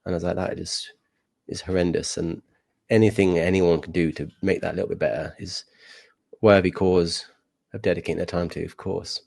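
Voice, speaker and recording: Young man, podcast guest, low gravelly voice, dry close sound, thoughtful hedging. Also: level tone, darkish tone, dry recording. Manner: reflective, measured, with many hedges. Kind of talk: casual conversation.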